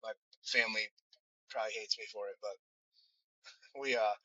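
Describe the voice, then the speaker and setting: A man's voice: lowish voice, fairly even intonation, moderate pace, sharp tone, no room sound. A man, a firefighter who runs a vending business, telling his story in a casual interview with many restarts and fillers. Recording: dull, lo-fi sound.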